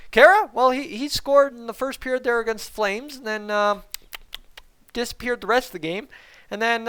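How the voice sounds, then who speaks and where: A middle-aged man hosting a hockey post-game review, talking in excitable, sarcastic, animated rants. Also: extremely high pitch, clean tone. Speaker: hockey vlogger.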